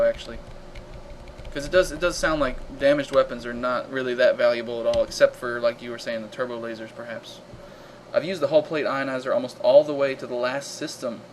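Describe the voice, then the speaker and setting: A man hosting a live game stream, chatting casually and reacting loudly to the action while reading viewer comments aloud. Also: medium pitch, a little hiss or hum, poor audio.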